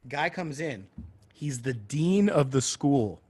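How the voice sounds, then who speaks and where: Husky-voiced male podcast co-host, mid-pitch, loose animated storyteller who acts out quotes. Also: slow. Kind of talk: casual storytelling chat.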